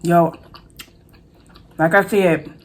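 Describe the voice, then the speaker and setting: A woman's voice: on the low side, steady tone, extremely slow. A woman hosting a mukbang food vlog, chatting casually to her viewers as she eats. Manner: chatty, addresses viewers as y'all, eats between words. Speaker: food vlogger.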